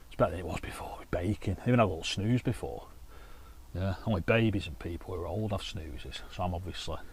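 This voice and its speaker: A man's voice: deep voice, a little mellow, husky. A man chatting casually to camera outdoors by a lake, telling anecdotes while fishing. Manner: chatty anecdotal storytelling with swearing. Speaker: carp angler and vlogger.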